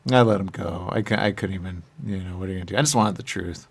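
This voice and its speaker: A man telling a rambling improvised comic monologue, laughing often and swinging from shouting to muttering. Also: sits low, fast, creaky.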